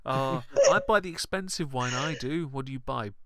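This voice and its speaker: A man's voice: mid-range voice, moderate pace, crowd noise. Wry, giggly male streamer. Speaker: streamer host. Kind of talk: casual voice chat.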